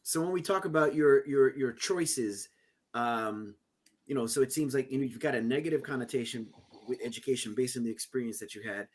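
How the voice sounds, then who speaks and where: A man hosting a podcast, summarizing the guest's story in a measured way before asking his question. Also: mid-range voice. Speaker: podcast host. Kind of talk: interview questions.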